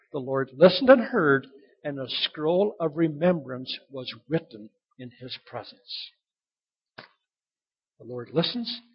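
A pastor preaching a sermon, emphatic and conversational, who drives home key points by repeating them, in a dull lo-fi recording. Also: male voice, sits high, breathy edge.

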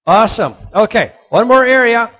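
A middle-aged man giving a motivational sermon to young people, emphatic and repetitive, sometimes dropping to a soft earnest tone. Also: extremely high pitch, lively intonation, normal speed. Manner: emphatic, repeats key points, drops to soft earnest tones. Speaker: youth speaker. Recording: dull lo-fi recording.

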